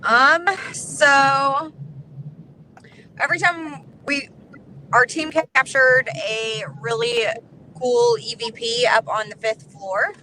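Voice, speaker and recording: A bright, fairly high-voiced woman tells stories with animated energy. She is a paranormal investigator guest chatting casually. Faint road noise runs under her voice. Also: poor audio. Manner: animated storyteller, quick bursts. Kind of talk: casual chat.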